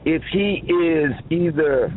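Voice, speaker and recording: A man's voice: on the high side, slow pace. A man hosting a talk radio show, telling a story in an easygoing, plain-spoken way. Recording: phone-like band, faint noise.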